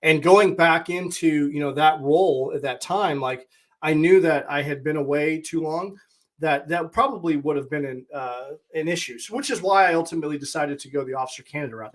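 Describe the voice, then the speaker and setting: Host, male, 40s, a touch higher-pitched, candid and blunt, reflective solo monologue. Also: a little fast. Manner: candid and plainspoken, with blunt mild swearing. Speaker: podcast host and high performance coach.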